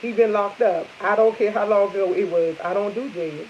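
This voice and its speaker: A woman's voice: medium pitch, brisk. A woman vlogger chatting casually with live viewers over morning coffee, rambling and repeating herself. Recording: dull lo-fi sound with faint hiss.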